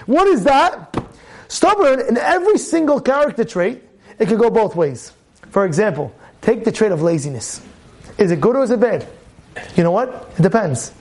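A rabbi giving a sermon on the weekly Torah portion. He is emphatic, repeats phrases, asks rhetorical questions, and shifts between loud outbursts and low asides.

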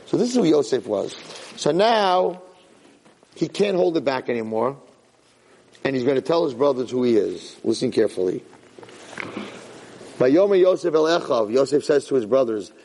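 Animated man teaching Torah in a hall. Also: medium pitch, breathy edge. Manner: animated, repeats phrases for emphasis, Hebrew terms mixed in. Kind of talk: Torah class on the weekly portion.

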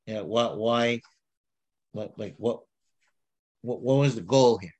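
A man of middle pitch leads a casual text study. He reads passages aloud, then explains them in loose, halting sentences full of restarts. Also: darkish tone. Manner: halting, with many restarts and fillers. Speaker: Torah teacher.

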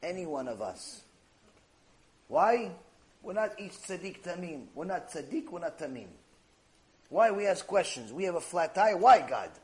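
A man's voice: sits high, sing-song, a little slow, pauses often. A man giving a Torah class, telling the story with animation and acting out the dialogue. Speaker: Torah lecturer.

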